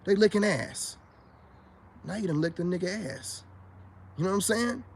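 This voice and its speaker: Husky high-voiced man preaching boastfully. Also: expressive, normal speed. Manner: boastful and preachy, repeats phrases for emphasis; addresses viewers directly as brothers. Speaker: self-styled spiritual advice vlogger. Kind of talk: casual monologue to camera.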